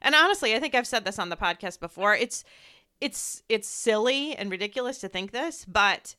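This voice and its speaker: A woman's voice, bright and smooth, talks with a guest in a reflective, candid tone. She speaks as a podcast host and shares her own experience. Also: on the high side, animated, normal speed. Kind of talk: podcast conversation.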